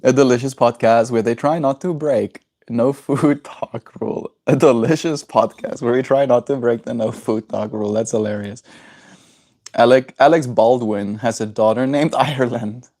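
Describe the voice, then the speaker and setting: A man's voice: mid-range voice, moderate pace, darkish tone. A man from South Africa chatting casually on a livestream, rambling and answering chat messages aloud.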